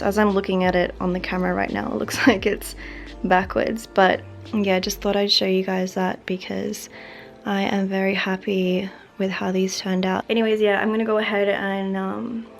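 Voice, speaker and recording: A woman's voice: mid-range voice, vocal fry. An Australian woman around thirty chatting casually to camera at home in her vlog, full of "like" fillers. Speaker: lifestyle vlogger.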